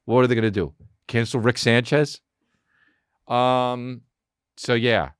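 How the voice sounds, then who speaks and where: A man's voice: medium pitch, slow, clean tone, no room sound, studio quality. A man in his thirties hosting a podcast, telling rambling, profane stories in a casual comedic monologue. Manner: rambling, profane, animated storytelling. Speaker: podcast host.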